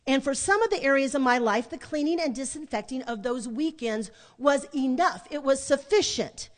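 A middle-aged woman delivers a sermon as a lively story, repeating phrases for emphasis and pausing for effect. Her voice sits somewhat high for a woman. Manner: animated storyteller, dramatic pauses and repetition. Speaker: preacher.

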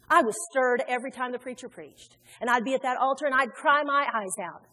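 A woman's voice: high-pitched, a little fast, few pauses, sharp tone. A woman preaching a sermon in a church, emphatic, acting out the people she quotes. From Indiana. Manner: emphatic, acts out quoted voices. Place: church sanctuary. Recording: long hall reverb.

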